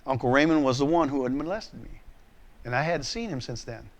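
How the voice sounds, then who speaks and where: A man's voice: medium pitch, brisk. A man preaching a sermon, telling a personal story in a candid, conversational way. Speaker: pastor.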